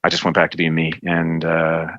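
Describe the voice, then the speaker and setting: Middle-aged Canadian male guest, lively, halting chat, bright dry tone. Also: rumbling low, no echo, muffled recording. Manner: animated, stumbling restarts, acts out quotes. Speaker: federal cabinet minister, interview guest. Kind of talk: casual interview chat.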